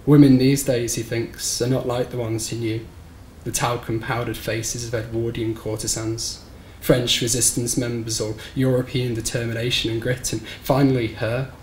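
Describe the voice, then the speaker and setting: A man reading his own short story aloud at a live bookshop event, in a measured, somber storytelling manner. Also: mid-range voice, little pitch movement. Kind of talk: live reading of literary fiction. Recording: roomy live recording with faint background noise.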